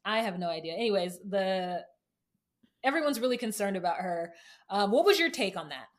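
A woman hosting a podcast, recapping a show in an animated, laughing casual chat. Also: mid-range voice, a little fast. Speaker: podcast host.

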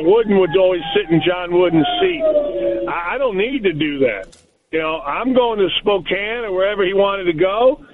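A man's voice: high voice, a little hiss or hum. Blunt man on a tinny phone line. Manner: rambling, blunt. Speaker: former basketball coach, guest analyst. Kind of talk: casual sports talk.

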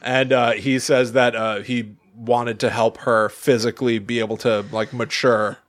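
A man of middle pitch tells a story on a podcast in loose, animated chat. He stumbles and restarts often and laughs through his own lines. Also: measured pace. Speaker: podcast co-host.

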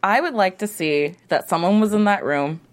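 A woman panelist in a casual chat, animated and quick to laugh. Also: mid-range voice.

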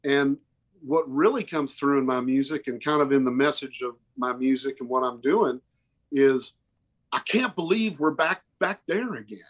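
Earnest man in his fifties. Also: mid-range voice. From Oklahoma. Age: 50s. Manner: earnest, emotional, halting restarts. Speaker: musician guest. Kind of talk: candid interview storytelling.

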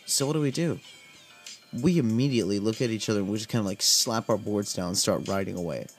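A young man from the desert valley of Southern California hosts a podcast, telling a story in a relaxed way, swearing and using plenty of fillers. His voice sits on the low side and he talks fast, with soft music playing behind him.

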